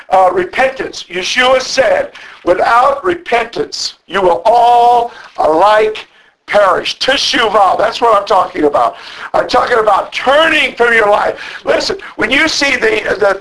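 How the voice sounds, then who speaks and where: A man preaching a sermon in an earnest, halting way, repeating words and stretching key phrases slowly. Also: very high-pitched, a bit bright, low-quality recording.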